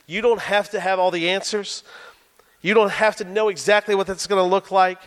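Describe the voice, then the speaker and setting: A man's voice: sits high, moderate pace, fairly bright tone, in a large hall. A male pastor in his thirties giving a sermon, telling stories with self-deprecating humor. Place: church sanctuary.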